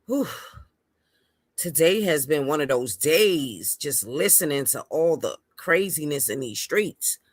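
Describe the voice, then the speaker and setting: A woman's voice: deep voice, lively intonation, takes it slowly, dry recording. A woman hosting a casual livestream. She greets her viewers by name and stresses her points by repeating words. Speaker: livestream host. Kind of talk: casual live-stream chat.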